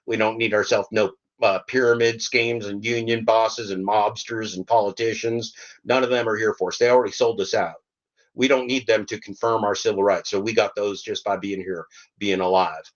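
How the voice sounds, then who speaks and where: A man's voice: on the low side, steady tone. Fiery rambling older man, lo-fi. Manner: fiery, rambling, sarcastic, slow emphatic reading. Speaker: podcast host. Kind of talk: reading aloud and ranting.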